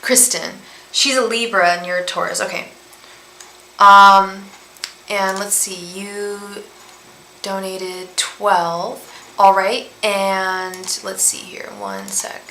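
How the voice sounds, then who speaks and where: Young woman, tarot reader host, chatty, rambling, crisp bright tone, echoey room. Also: medium pitch, slow pace, slight background noise. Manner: chatty, rambling, talks straight to viewers. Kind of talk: casual live-stream chat. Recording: roomy room echo.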